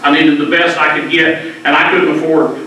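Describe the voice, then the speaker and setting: In a public library meeting room, a middle-aged man gives an impassioned, earnest address, his fairly high, bright, forceful voice stumbling over repeated words as emotion pushes him on. Recorded from far off in a very echoey room, he rings with reverb over slight background noise, speaking at a moderate pace with little pitch movement.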